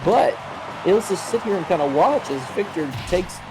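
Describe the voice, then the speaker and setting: Measured, hedging male color commentator. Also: high-pitched, animated, music in the background, rough recording. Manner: measured, hedging, many fillers like "you know" and "I mean". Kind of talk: live wrestling commentary.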